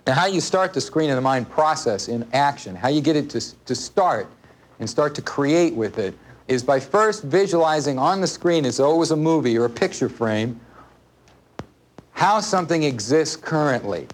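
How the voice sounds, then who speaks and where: A man's voice: on the high side, lively intonation, moderate pace. A man teaching a live seminar to an audience in a room, speaking casually, repeating his points and asking the listeners questions. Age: adult, parent of a small child. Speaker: workshop instructor.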